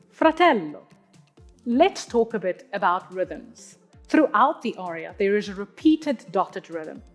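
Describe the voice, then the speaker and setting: A woman explains an opera aria to students, pitching her voice high and letting it swing widely. She speaks clearly and carefully, sounding out the Italian words one by one. Faint music plays softly behind her. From South Africa. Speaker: opera singer teaching. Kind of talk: instructional talk on singing.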